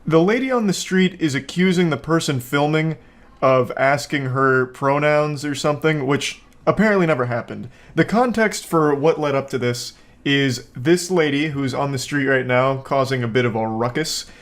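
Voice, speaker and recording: A man hosting a comedic commentary on a viral video, talking in a sarcastic, deadpan way. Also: mid-range voice, normal speed.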